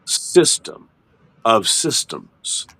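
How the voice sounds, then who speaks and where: A middle-aged man hosting a casual ministry chat, explaining in a lively, halting way with frequent restarts. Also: no room sound. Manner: animated, repeats and restarts words, jumps into high mock voices. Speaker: ministry host.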